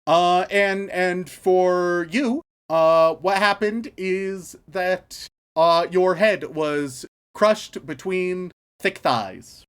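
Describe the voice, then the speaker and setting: A man's voice: high voice, very slow, fairly bright tone, clear, resonant tone. A man co-hosting a podcast in casual comedic chat, teasing his partner as he runs a game segment. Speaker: podcast co-host.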